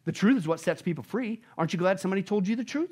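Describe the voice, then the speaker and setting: A high-pitched man preaching from the pulpit. He swings from loud, emphatic bursts down to low, quiet stretches and keeps throwing rhetorical questions at the congregation. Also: animated, rapid-fire, breathy edge. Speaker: pastor. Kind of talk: sermon.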